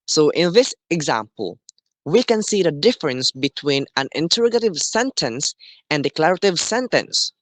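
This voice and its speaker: A man teaching a class, explaining slowly and deliberately and often checking in with "okay". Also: a little high, sing-song, fairly bright tone, dry recording. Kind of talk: classroom lesson.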